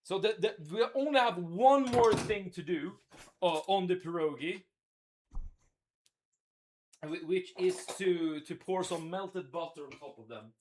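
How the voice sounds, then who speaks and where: A man's voice: high-pitched, unhurried, long pauses, darkish tone, slight background noise. A man cooking live in his kitchen, thinking aloud and chatting with his viewers. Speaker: cooking livestreamer. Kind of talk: casual live commentary while cooking. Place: home kitchen.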